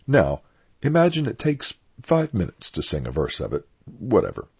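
A man's voice: low-pitched, huge pitch swings, moderate pace, vocal fry, a little mellow, breathy edge. An older man, a former church leader, recalling parish life in a blunt, opinionated storytelling manner for an oral history. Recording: dull lo-fi recording.

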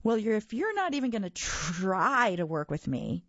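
A woman's voice: on the low side, lively intonation, unhurried, no echo, muffled recording. A woman voicing a big, scruffy, slobbering boy monster who slurps and whines, in a storybook reading. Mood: whiny. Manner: slurping and whiny.

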